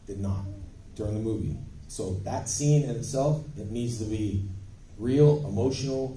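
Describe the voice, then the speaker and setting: Animated man, dark voice, echoey hall. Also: lowish voice, a little hiss or hum. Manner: animated, emphatic storytelling with bursts of volume. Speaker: panel guest, actor. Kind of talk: convention panel storytelling. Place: convention panel hall. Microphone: phone recording from the audience. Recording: echoey hall, phone from far off.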